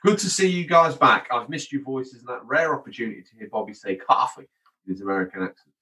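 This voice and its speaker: A man's voice: mid-range voice, very animated, fast talker, background noise. A man hosting a casual gaming podcast, chatty and wry, reading out listener messages. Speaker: podcast host.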